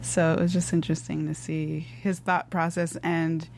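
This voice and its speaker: A woman co-hosting a casual talk show, agreeable and quick to laugh. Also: low voice, little pitch movement, vocal fry, darkish tone, slight background noise. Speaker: co-host. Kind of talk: casual chat.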